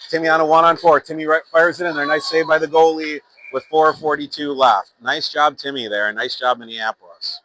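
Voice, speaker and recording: A medium-pitched male voice, pushed and bright, delivers casual youth hockey commentary full of fillers and self-corrections, pausing to read sponsor plugs between plays. The audio quality is poor.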